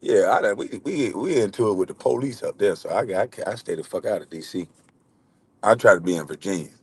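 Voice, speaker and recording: A man's voice: lowish voice, expressive, a little fast, darkish tone, husky, dry recording. A man, hosting a casual livestream and bantering loosely with chat, swearing and laughing. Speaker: livestream host.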